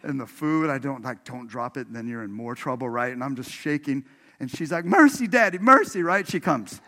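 A male pastor from Washington state preaching in his church, with a voice of ordinary middle pitch. He talks to the congregation casually and directly, mixing laughter and personal stories into the sermon. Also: fairly even intonation, fairly quick, a bit bright. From Washington state, USA. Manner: conversational, laughs often, addresses congregation directly. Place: church sanctuary.

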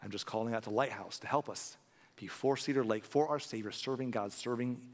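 A man's voice: mid-range voice, brisk. A man preaching a sermon as pastor, making an earnest, pleading appeal to his congregation. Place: church sanctuary. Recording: long hall reverb.

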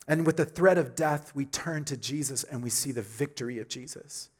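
A middle-aged man preaching a sermon with emphatic delivery, repeating key phrases and building to loud high peaks. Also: moderate pace, few pauses, breathy edge. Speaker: pastor.

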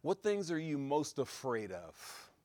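A man preaching a sermon, swinging between loud exhortation and quiet asides, driving his points home with repeated rhetorical questions. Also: a little high, big pitch swings, unhurried, no echo.

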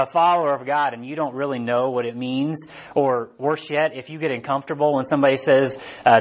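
A man's voice: mid-range voice, dull audio. A man preaching a casual sermon in a conversational way, often checking in with "right?".

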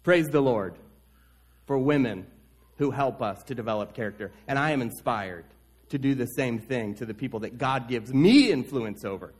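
A man preaching a Sunday sermon as pastor, telling stories with wide swings in pitch and loudness. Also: expressive, normal speed, slightly rough.

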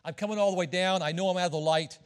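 High-voiced male preacher in a church. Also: steady tone, racing, clean tone. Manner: folksy, joking and conversational with the congregation. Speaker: visiting missionary preacher. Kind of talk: sermon. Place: church sanctuary. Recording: long reverb of a church hall.

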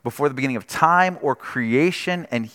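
A pastor preaches a sermon in a conversational, explanatory manner, often checking in with listeners by asking "right?". His voice is medium-pitched and fairly bright at a normal pace, with a long reverb tail.

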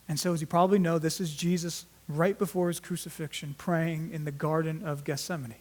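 High-voiced man preaching a sermon. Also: level tone, brisk, hardly any pauses. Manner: earnest teaching with emphatic rises and quiet drops; restarts and repeats words. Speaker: pastor.

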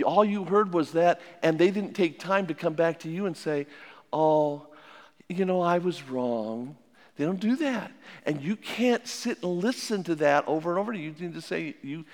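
An older man, a family counselor, giving plainspoken advice to an audience with stories and repeated maxims. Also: fairly high pitch. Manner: plainspoken and anecdotal, with many restarts and repeated maxims. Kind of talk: folksy talk with religious advice. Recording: long hall reverb.

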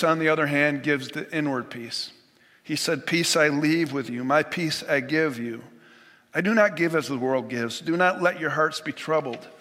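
A man delivers a sermon with an earnest, measured cadence, pausing and restarting now and then as he quotes scripture. His voice sits a touch high and rings bright and forceful. Long reverb from a large church hall trails each phrase. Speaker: pastor.

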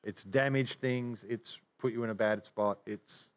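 A man teaching from the Bible in casual chat, animated, with many restarts. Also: on the low side, unhurried. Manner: animated, acts out regretful inner voices, many restarts.

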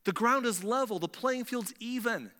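A man's voice: very high voice, normal speed, sharp tone, pitched above the performer's own voice. A man voicing God as an earnest, pleading father figure, coaxing and firm with short, urgent reassurances. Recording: long hall reverb.

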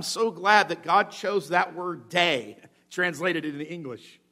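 A man with a somewhat high voice preaches to his congregation in an emphatic, repetitive style. He checks in with a quick "okay?" between points. Then he works himself up into fervent exclamations. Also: bright, forceful tone. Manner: emphatic, repeats key phrases, checks in with "Okay?". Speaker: pastor. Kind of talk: sermon. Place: church service.

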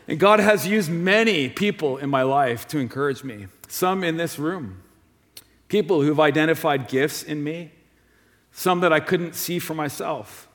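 High-voiced pastor in an echoing church. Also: male voice, unhurried, a bit bright. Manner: friendly, conversational preaching with personal stories. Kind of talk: sermon. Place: church sanctuary. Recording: long reverb of a church hall.

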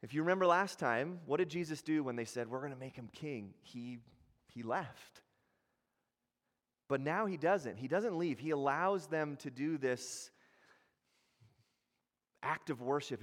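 A man's voice: mid-range voice, in a large hall. A man preaching a sermon, acting out crowd voices with many restarts. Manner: animated, acts out crowd voices, frequent restarts. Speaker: pastor.

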